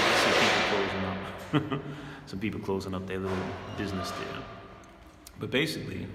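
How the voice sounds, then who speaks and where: A man's voice: fairly low pitch, vocal fry, roomy sound, in a large hall, heavy background noise. A man casually telling a personal story in a laid-back, slangy way, chuckling often. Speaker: spiritual channel host.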